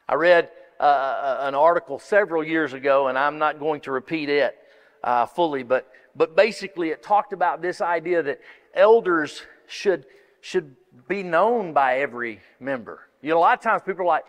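A man's voice: on the high side, expressive, moderate pace. A man preaching and giving announcements in a church, folksy and rambling with many restarts. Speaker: pastor. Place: church sanctuary. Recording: long reverb of a large hall.

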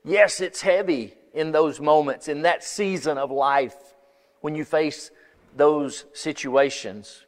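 Man, slightly high pitch, church lesson, conversational reading, wry asides, long hall reverb. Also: takes it slowly.

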